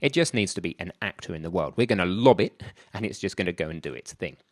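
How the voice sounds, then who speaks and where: A man with a fairly low voice talks through a coding tutorial in a chatty way, thinking aloud as he works. The sound is dry and close, with no room around it. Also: animated, fast talker, dry recording. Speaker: programming instructor. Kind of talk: screen-recorded coding tutorial.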